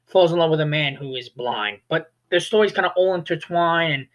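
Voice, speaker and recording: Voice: medium pitch, brisk. A young adult talking through film reviews in a casual, rambling way, full of "like" and restarts. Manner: rambling, full of "like" and self-corrections. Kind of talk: casual spoken movie review.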